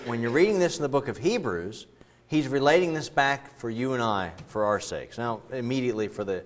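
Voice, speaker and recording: Lively, joking male preacher. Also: medium pitch. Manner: conversational, joking, lively storytelling. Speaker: pastor. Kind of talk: sermon.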